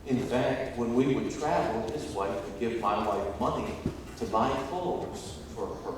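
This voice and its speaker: A man preaching a sermon as a pastor, telling a story and rising to loud, emphatic peaks. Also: mid-range voice, unhurried, background noise. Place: large church sanctuary. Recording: echoey hall, distant mic.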